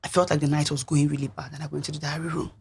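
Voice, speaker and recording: A young woman, a reality show contestant, recounting events in an interview in an earnest, reflective way, with a husky voice. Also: low voice, flat delivery, racing.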